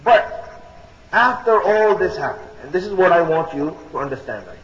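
A man's voice: high voice, lively intonation, normal speed, fairly bright tone. A man preaching a sermon, repeating key phrases emphatically and addressing his listeners as brothers and sisters. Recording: echoey hall, dull lo-fi sound.

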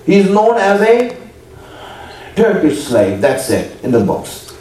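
A male preacher with a high, wildly swooping voice tells a story in a sermon at a slow pace, his tone a little mellow. He's emotional and dramatic, acting out quoted speech. The distant mic places him far off in an echoey hall with faint noise.

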